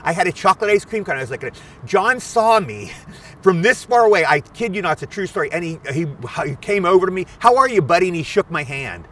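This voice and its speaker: A man in his sixties tells stories fast and eagerly, his voice a bit higher than most men's. He sits back from the microphone, so the sound is distant and open. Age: 60s. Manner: animated, eager storyteller. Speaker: actor guest. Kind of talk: anecdotal storytelling. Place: outdoors at a film location.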